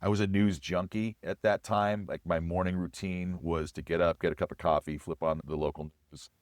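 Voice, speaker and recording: A man's voice: low-pitched, fairly even intonation, fairly quick, no room sound, studio quality. A man in his forties sharing his recovery and faith story as an interview guest, earnest and reflective. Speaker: guest, chef. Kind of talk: personal testimony in an interview.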